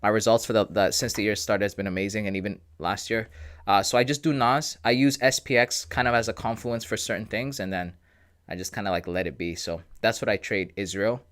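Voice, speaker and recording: A man's voice: lowish voice, fairly even intonation, brisk, fairly bright tone. Man, livestream host, casual and slangy, joking, reads chat aloud.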